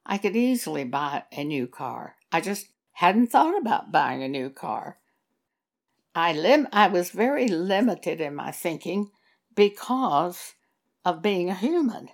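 A woman preaching a sermon in a slow, measured teaching manner. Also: on the low side, sing-song. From Texas.

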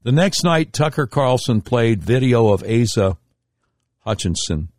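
A middle-aged radio talk show host delivers a political commentary monologue, emphatic and indignant, his storytelling marked by sharp pitch swings. He's very animated but unhurried, and the studio-quality recording has no echo.

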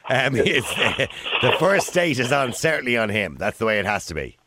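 A man's voice: mid-range voice, sing-song, moderate pace, noisy background. An Irish man hosting a radio phone-in, blunt and opinionated. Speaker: radio host.

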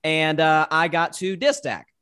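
A man's voice: fairly high pitch, animated, measured pace, sharp tone, clean tone. A man with a Southern US accent, a wry, self-deprecating guest on a casual sports podcast. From American South.

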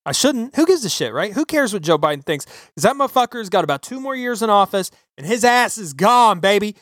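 A man hosting a podcast, ranting about politics with heavy swearing in an animated, emphatic way. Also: high voice, brisk, no room sound, clean studio sound. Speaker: podcast host. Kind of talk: profane political rant. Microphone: podcast microphone.

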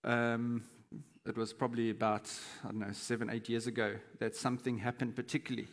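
A pastor in his forties gives a conversational sermon, pausing often with fillers and restarts. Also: mid-range voice, little pitch movement. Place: church. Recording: long hall reverb.

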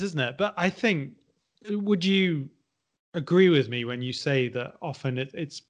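A man co-hosting a casual podcast about English, asking questions and hedging with filler phrases. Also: medium pitch. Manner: asks questions, hedges with "kind of". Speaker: podcast co-host and English teacher.

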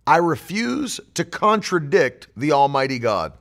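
A man's voice: on the high side, sing-song, a little slow, fairly bright tone. A man preaching a sermon as pastor, emphatic and driving his points home with repeated declarations.

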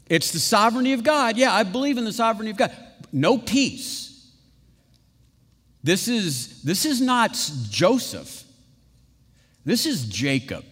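Male pastor, sermon, slightly higher voice, rhetorical questions, emphatic peaks and hushed lows, long hall echo. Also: very animated. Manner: dynamic preaching, swinging from emphatic peaks to hushed, slow passages; conversational asides with rhetorical questions. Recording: long reverb of a large hall.

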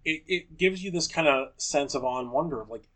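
Thoughtful man with a higher voice. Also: a little fast, a bit bright. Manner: thoughtful, explanatory, with frequent agreeing fillers. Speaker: podcast co-host. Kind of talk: casual chat.

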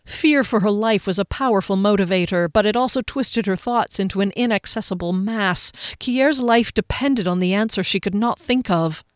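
A woman narrating a fantasy novel aloud with an expressive, dramatic reading. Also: mid-range voice, normal speed, few pauses, no echo, clean studio sound. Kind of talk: audiobook narration.

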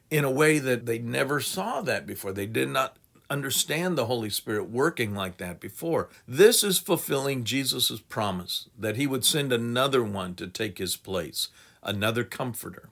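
A man's voice: medium pitch, lively intonation, moderate pace, creaky, a bit bright. A man giving a methodical teaching sermon, working through numbered points and reading scripture aloud. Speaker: Bible teacher.

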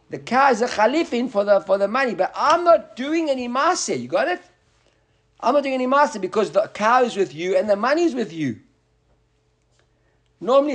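A man teaching a Talmud class, animated, often rising high to act out buyer and seller. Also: gravelly.

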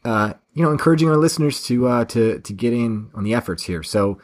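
A man's voice: mid-range voice, animated, a little fast. A man hosting a podcast, chatting casually and reading a news story aloud with his own asides. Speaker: podcast host.

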